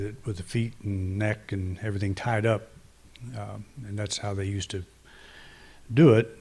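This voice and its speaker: A man's voice: fairly low pitch, darkish tone. A man, a minister, preaching a conversational, reflective sermon with frequent restarts and fillers.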